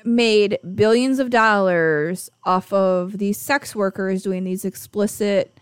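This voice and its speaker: A woman's voice: mid-range voice, steady tone, slow, clear, resonant tone, no room sound. A woman co-hosting a podcast, blunt and opinionated, swearing in casual banter. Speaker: podcast co-host.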